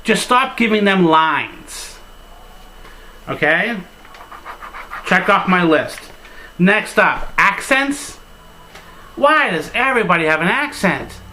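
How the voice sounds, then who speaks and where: A man's voice: sits high, pushed and bright, rough recording. A man delivering a crude, exasperated comedy rant as a video reviewer, full of swearing and filler "like"s.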